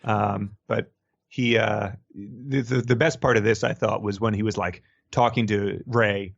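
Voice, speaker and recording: Gravelly man with a dull lo-fi sound. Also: on the low side, steady tone, a little slow, dry recording. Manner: wry, rambling, laughs often. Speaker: podcast co-host. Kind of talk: casual chat.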